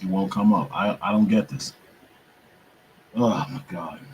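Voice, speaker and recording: A young man with a fairly low voice mutters and grumbles as he fights with his computer, now and then turning to address his viewers. He swears under his breath in casual, frustrated talk. A faint hum of room ambience sits behind him. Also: a little slow, rough recording. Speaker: podcast host.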